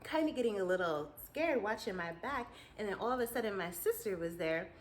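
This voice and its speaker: A woman vlogger chatting with her viewers, telling her dreams in an animated way and laughing easily. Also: mid-range voice, a little fast, slight background noise, low-quality recording. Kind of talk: casual storytelling to viewers.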